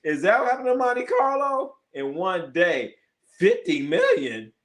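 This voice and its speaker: A man's voice: very high-pitched, wildly swooping pitch, unhurried, gravelly, a bit bright. A man hosting a live sports stream, chatting casually and telling profane stories, laughing often and acting out the voices of people he quotes. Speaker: live sports show host.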